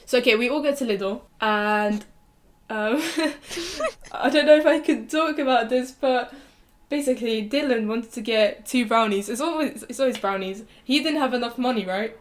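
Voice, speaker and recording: A woman's voice: fairly high pitch, normal speed, slight background noise. A young woman, co-hosting a podcast and telling rambling stories full of giggles and fillers. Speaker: podcast co-host. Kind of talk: casual storytelling chat.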